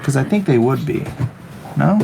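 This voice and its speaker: A man's voice: mid-range voice, animated, normal speed, creaky, warm tone, slight background noise. A middle-aged man, a comic artist, chatting casually on a livestream while he draws. He rambles and jokes, reading viewer comments aloud as he goes. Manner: rambling, jokey, reads viewer chat aloud. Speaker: comic artist streaming his work.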